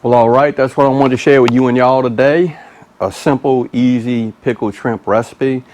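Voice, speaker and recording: A man's voice: mid-range voice, fairly even intonation, moderate pace, a little mellow, a little hiss or hum. A man with a Mississippi Southern accent hosting a casual cooking vlog in a folksy, easygoing, chatty way. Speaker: cooking channel host.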